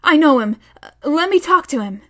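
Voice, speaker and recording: A woman's voice: high voice, expressive, moderate pace, a bit bright, voice pushed up. A woman reading a storybook aloud, voicing a tough teenage girl with a thin, strained voice.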